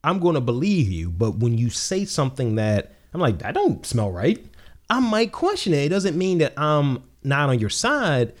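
Man, podcast co-host, blunt profane storyteller, lively swinging pitch. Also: moderate pace. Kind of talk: casual chat.

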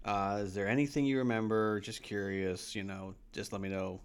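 A man's voice: on the low side, fairly even intonation, normal speed, smooth. A man co-hosting a casual rewatch podcast, rambling and laughing as he retells scenes. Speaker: podcast co-host.

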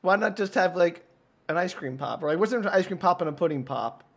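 Fast-talking quizzical man. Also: sits high, animated, vocal fry. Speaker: podcast co-host. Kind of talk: casual chat.

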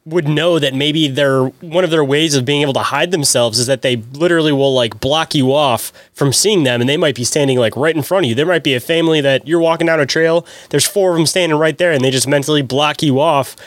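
A man's voice: a little high, fairly quick, hardly any pauses, dry recording. A man hosting a podcast, musing and speculating aloud in casual interview chat. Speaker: podcast host.

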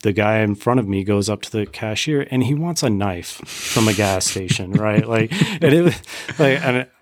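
A man's voice: lowish voice, moderate pace, no room sound. A man telling a long personal story in casual chat, acting out the quotes of the people in it. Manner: animated storyteller, acts out quotes. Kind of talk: casual faith podcast chat.

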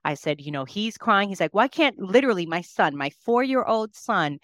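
A woman's voice: on the low side, lively intonation, moderate pace, no echo, studio quality. A woman in her thirties, a working mother, speaking earnestly and with emotion in a podcast conversation. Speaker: podcast guest.

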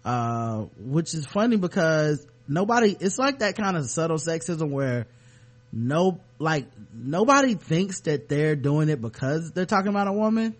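A man co-hosting a podcast in loose, casual chat, clearing his throat now and then. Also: a little high, expressive, unhurried. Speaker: podcast co-host.

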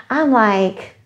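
The recording is muffled, and her voice sits on the high side. She's a podcast co-host in a studio with an audience, chatting casually and animatedly acting out each person's voice as she tells a story.

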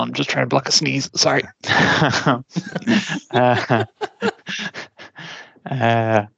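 A man with a gravelly, fry-laden voice, talking through trivia answers in a loose, self-mocking way. The sound is dry and dull, with no room echo and the top end cut off. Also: mid-range voice, fairly bright tone. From Ireland. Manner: self-deprecating, groaning, hesitant with many ums. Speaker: quiz contestant. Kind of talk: casual podcast chat.

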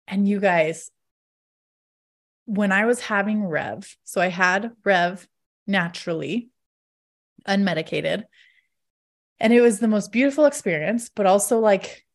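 A woman's voice: medium pitch, unhurried, long pauses. A woman in her thirties vlogging, telling a personal story to her viewers in a candid, chatty way, laughing often and filling with "like".

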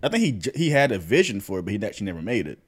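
Laid-back male co-host, very deep voice with a lively swing. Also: racing, breathy edge. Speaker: podcast co-host. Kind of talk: casual chat. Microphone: new desk microphone.

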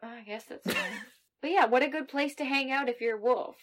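A woman co-hosting a casual movie podcast, chatty and quick to laugh. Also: high-pitched, noisy background. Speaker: podcast co-host.

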